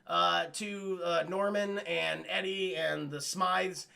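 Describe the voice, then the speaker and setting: Gravelly, high-voiced young man swearing through a recap. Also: fairly even intonation, takes it slowly, bright, forceful tone. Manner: rambling, swears constantly, keeps addressing chat. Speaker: streamer reviewing a cartoon. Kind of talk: casual profane recap to live chat.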